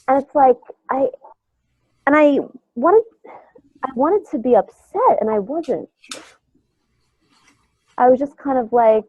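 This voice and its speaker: A woman's voice: a little high, lively intonation, a little slow, pauses often, dry recording. A woman with a nasal voice that sounds like she has a cold, chatting in a loose, rambling way. Her speech comes through a tinny, phone-like line, and the sound is dry and close. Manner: rambling, full of fillers and restarts. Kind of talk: casual chat.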